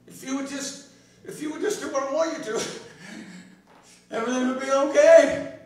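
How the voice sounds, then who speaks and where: Male pastor, high voice, sermon delivery swinging hushed to emphatic, heard from a distance. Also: fairly even intonation, moderate pace, slight background noise. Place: church sanctuary. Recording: echoey church hall from far off.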